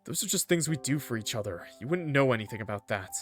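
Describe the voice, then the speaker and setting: A man voicing a bitter, quick-tempered teenage boy in a story game, speaking in a sneering, resentful way. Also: mid-range voice, expressive, soft background music, close to an everyday voice.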